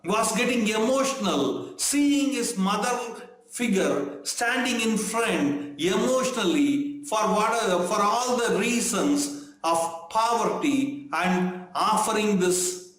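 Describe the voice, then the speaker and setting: A man telling a devotional story, earnest and emotional, pausing and restarting his sentences. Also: high-pitched, lively intonation, a bit bright. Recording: roomy echo.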